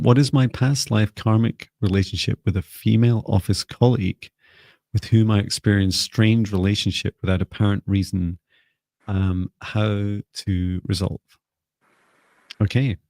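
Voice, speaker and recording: A low-pitched man with a gravelly edge leads a meditation in an unhurried, soothing way, then moves into a live reading. He often restarts his sentences and fills pauses with "um." The sound is dry and close. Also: no echo. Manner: calm, slow guiding voice with frequent fillers and restarts. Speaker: psychic reader and live-stream host.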